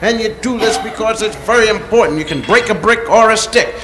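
A man doing a stand-up routine, playful and chuckling, with sudden shouted yells. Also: sits high, fairly quick, music in the background. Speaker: stand-up comedian. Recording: noisy live stand-up recording.

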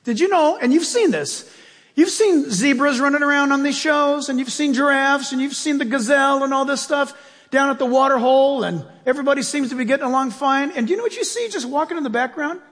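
A man's voice: very high-pitched, a little fast, big-room sound. A man preaching a sermon as pastor, telling stories and acting out voices as he goes. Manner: animated storytelling with acted-out voices.

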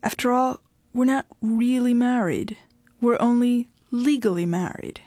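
A woman voicing an estranged wife who speaks firmly, flatly and with worn patience. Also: a little high, unhurried, dry recording, studio quality. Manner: firm, flat, impatient.

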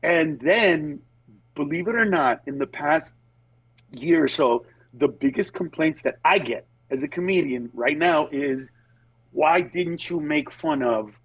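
A man's voice: fairly high pitch, measured pace, husky. A middle-aged male comedian on a phone call, telling stories and acting out other people's voices in a casual interview. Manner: animated storytelling, acts out voices of others. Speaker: comedian guest. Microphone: phone with Bluetooth.

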